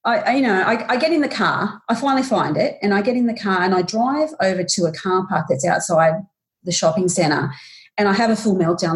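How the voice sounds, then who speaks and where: A woman in her forties, a podcast guest, retelling a painful personal story in a halting, emotional way with many restarts, raising her voice when she acts out what people said. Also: mid-range voice, expressive. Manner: acts out quoted lines in a raised voice.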